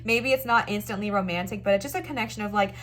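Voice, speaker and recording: A woman's voice: medium pitch, fast, fairly bright tone, a little hiss or hum. A young woman giving a pick-a-card tarot reading in a chatty, playful, reassuring way, sometimes acting out little quoted voices. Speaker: tarot reader.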